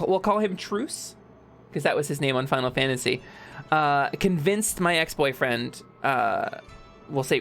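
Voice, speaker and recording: A young woman chats through a video game stream in a relaxed, joking way, her low voice swinging widely in pitch as she reacts. Faint music plays behind her. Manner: animated, joking, shouts bits and laughs often. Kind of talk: casual game stream chat.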